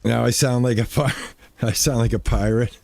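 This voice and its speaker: A man's voice: medium pitch, fairly even intonation, normal speed, gravelly, darkish tone, no room sound. A man chatting casually to his live chat while playing a farming game, rambling and easygoing. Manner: laid-back, rambling, talks to chat. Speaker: streamer.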